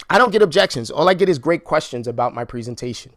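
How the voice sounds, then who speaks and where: A man coaching a room on real estate sales calls, energetic and animated, acting out phone conversations. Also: fairly high pitch, quick pace, vocal fry, no room sound, studio quality. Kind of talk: sales training talk with role-play.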